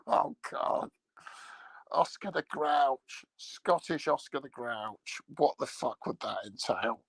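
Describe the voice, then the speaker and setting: Slow, gravelly man rambling to camera. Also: medium pitch, fairly bright tone, no room sound, poor audio. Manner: rambling, sweary, jokey. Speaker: streamer host. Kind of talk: casual rambling monologue.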